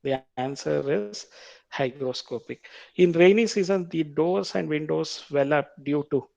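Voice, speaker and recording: A man with an Indian English accent lecturing on biology, reading quiz questions aloud, repeating them slowly and explaining the answers patiently. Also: a little high, creaky, darkish tone, no echo, dull audio. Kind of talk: quiz-style classroom lecture.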